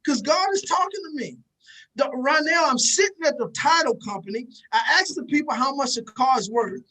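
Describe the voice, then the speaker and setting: A man's voice: very high-pitched, lively intonation, moderate pace, sharp tone, low-quality recording. Emphatic man giving a preachy motivational talk. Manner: emphatic, repetitive, addresses the audience directly. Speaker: motivational speaker.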